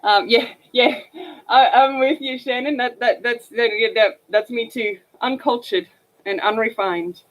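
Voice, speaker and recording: A woman's voice: a little high, a little slow, fairly bright tone. Scratchy-voiced Australian woman chatting. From northern Australia. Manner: rambling storyteller with many fillers. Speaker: livestream coloring host. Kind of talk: casual chat while coloring.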